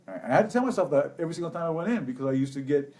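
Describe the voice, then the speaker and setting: A man's voice: a little high, lively intonation, very fast, a little mellow. A man chatting as a guest co-host, talking in a reflective, storytelling way with plenty of fillers. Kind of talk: casual chat. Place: indoors at a family vacation spot.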